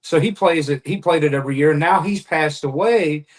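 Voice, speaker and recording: A man from the New Orleans area, a guest musician in casual chat, relaxed and rambling, often trailing off. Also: fairly high pitch, normal speed.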